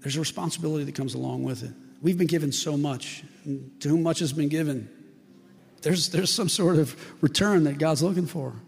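A middle-aged man preaches in a church with a gravelly, slightly high voice. He tells lively stories and acts out the voices of the people in them. His words ring out with a long hall reverb. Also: fairly quick. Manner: animated storyteller, acts out quoted voices. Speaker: pastor. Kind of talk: sermon.

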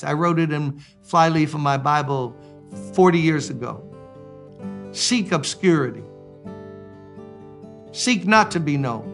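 A man in his sixties preaching a sermon, animated, swinging between loud exclamations and quiet asides. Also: on the high side. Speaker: pastor.

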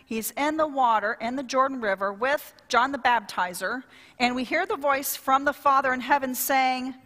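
A woman pastor preaching a sermon in a lively, conversational way, drawing call-and-response from the congregation. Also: sits high, moderate pace, in a large hall.

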